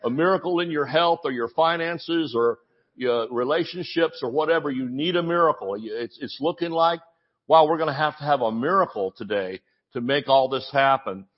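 Man preaching with animated storytelling. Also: on the high side, moderate pace, highs cut off. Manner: animated storytelling, mimics voices in quotes. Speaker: pastor. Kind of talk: sermon.

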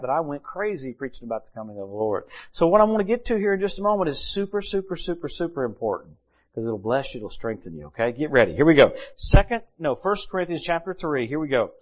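A middle-aged man preaching a sermon, reading Bible verses and telling stories with lively humor. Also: on the high side.

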